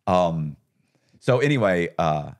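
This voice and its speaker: A man's voice: sits low, slow. Guy on a podcast spinning a long story, voice bounces all over, plays out the other people. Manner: animated, acts out others' lines in quotes. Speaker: podcast guest, former con artist. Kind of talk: casual storytelling interview.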